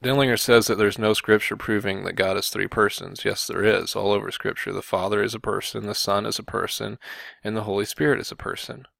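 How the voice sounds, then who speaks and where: Man, gravelly low voice, combative scripture commentary, filler-heavy, dry sound. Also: steady tone, a little fast, fairly bright tone, no room sound. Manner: combative, repeats "okay" and "you know". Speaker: religious video commentator. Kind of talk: argumentative Bible commentary.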